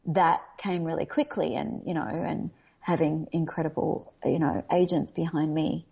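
An Australian actress speaking candidly and animatedly in a casual interview, often laughing. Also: female voice, sits low, level tone, moderate pace, vocal fry, mellow, breathy edge. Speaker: voice actor guest. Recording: dull lo-fi audio.

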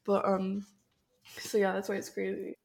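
A congested young woman co-hosting a faith podcast, talking earnestly and excitedly in a casual, slangy way. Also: mid-range voice, moderate pace, creaky. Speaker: podcast co-host.

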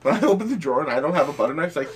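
A man's voice: a little high, lively intonation, racing, a crowd in the background. A man in his thirties co-hosting a podcast, telling rambling, crude stories in casual chat. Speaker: podcast co-host.

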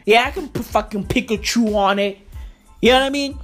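A woman mimicking a pushy male street tattoo hustler who makes a rapid, eager sales pitch, cursing as he offers designs. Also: soft background music, close to an everyday voice.

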